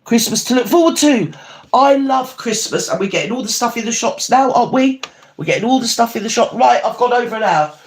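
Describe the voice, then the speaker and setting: A man's voice: fairly high pitch, normal speed, darkish tone, a little hiss or hum, lightly acted. A man playing a gossipy older grandmother who hosts a livestream, chatting with viewers and calling them babe and darling. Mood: affectionate. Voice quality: chatty, calls everyone babe and darling, ranting. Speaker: livestream host. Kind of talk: livestream chat reading comments.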